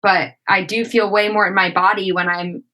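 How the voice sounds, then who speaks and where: A woman's voice: mid-range voice, level tone, moderate pace, sharp tone, rough recording. A woman as a podcast guest, talking reflectively in a casual interview and often saying "like" and "you know".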